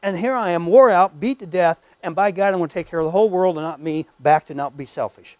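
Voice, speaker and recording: A man's voice: high voice, fast, no room sound. A man lecturing at a workshop in a conversational, emphatic way, often repeating words and speaking straight to his audience. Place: lecture room.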